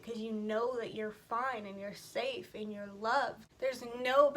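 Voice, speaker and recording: A woman's voice: a little high, a bit bright. A young woman vlogger telling a personal story in a casual, chatty and emotional way while doing her makeup. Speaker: beauty vlogger.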